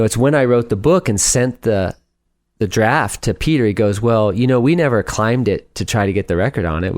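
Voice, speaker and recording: A middle-aged man with a fairly low voice tells stories as a podcast guest. He is chatty, laughs easily and slips into other people's voices for quotes. The sound is dry and close. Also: darkish tone, no room sound. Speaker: guest, speed climber. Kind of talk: casual storytelling interview.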